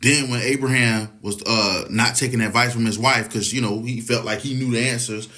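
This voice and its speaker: A man's voice: mid-range voice, fairly even intonation, normal speed, pushed and bright. A man giving a casual, rambling opinion monologue, swearing often and asking if you follow him. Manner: profane, rambling, keeps asking "you know what I'm saying".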